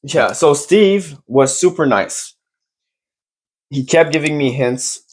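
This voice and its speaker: A man's voice: fairly high pitch, animated, takes it slowly. A man co-hosting a casual podcast, joking crudely and rambling, recorded on a phone. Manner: joking, rambling, says random things. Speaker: podcast co-host. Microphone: phone camera.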